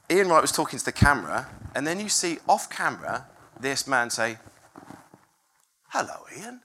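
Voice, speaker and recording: A lively preacher speaks to a congregation, the pitch leaping and dipping as the story builds. The voice is bright and forward, the delivery chatty and full of restarts and little laughs. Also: a little hiss or hum. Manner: animated, chatty, self-interrupting, laughs often. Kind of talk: informal sermon storytelling. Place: room with a congregation.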